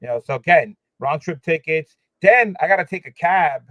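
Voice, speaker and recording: A man's voice: on the high side, expressive, moderate pace, fairly bright tone, no echo. A man hosting a livestream, chatting casually and complaining emphatically with lots of fillers. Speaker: livestream host. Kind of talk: casual chat. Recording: dull lo-fi sound.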